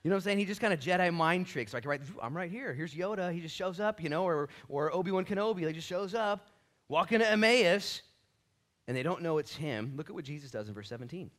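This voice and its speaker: A man pastor teaching a sermon Bible study in a church, animated and casual, with slangy jokes and asides. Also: on the high side, fast.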